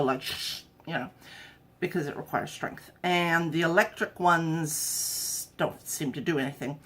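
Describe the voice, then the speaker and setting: A woman chatting wryly to camera in her home kitchen while she cooks, with jokey asides. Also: on the low side. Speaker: home cooking vlogger. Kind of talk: casual cooking demo chat.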